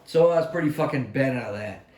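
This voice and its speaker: A man's voice: mid-range voice, lively intonation, fast. Profane rambling older man in a roomy echo. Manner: profane, rambling, acts out quotes loudly. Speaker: army veteran telling war stories. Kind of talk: casual storytelling chat.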